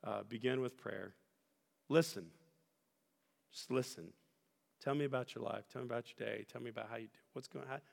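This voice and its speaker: Gravelly man preaching in a reverberant church. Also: mid-range voice, brisk, long pauses. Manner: earnest, builds to loud emphatic peaks. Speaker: pastor. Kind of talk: sermon. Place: church sanctuary. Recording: church hall reverb with soft music.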